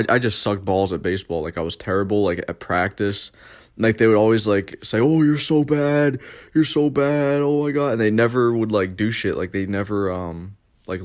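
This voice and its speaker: Rambling young man with a low voice. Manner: rambling, filler-heavy, profane. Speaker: vlogger. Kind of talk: casual storytime monologue.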